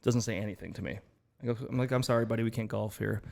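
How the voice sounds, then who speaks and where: A man co-hosting a casual podcast, telling an animated story and acting out both sides of each exchange. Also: lowish voice, fast, gravelly. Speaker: podcast co-host. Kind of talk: casual chat.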